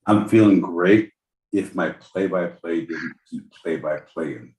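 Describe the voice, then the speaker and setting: Man co-hosting a live podcast, joking, swearing, slow, lively pitch, echoey room. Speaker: podcast co-host. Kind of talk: casual live-stream banter.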